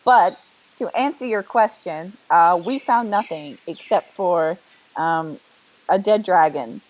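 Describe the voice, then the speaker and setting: A woman's voice: fairly low pitch, slow, darkish tone, slight background noise, low-quality recording. A woman player speaking in character during a tabletop role-playing game, in a casual, chatty and giggly way.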